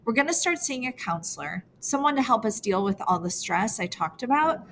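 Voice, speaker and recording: A woman reading the lines of a worried mother who speaks gently and carefully to reassure her daughters. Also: fairly high pitch, big pitch swings, fairly quick, a little hiss or hum. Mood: gentle.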